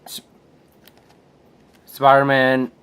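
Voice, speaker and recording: A man's voice: mid-range voice, completely flat delivery, drawn-out words, a bit bright, smooth. A man casually retelling a comic book aloud, hesitant with restarts and fillers. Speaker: comic book reader and reviewer.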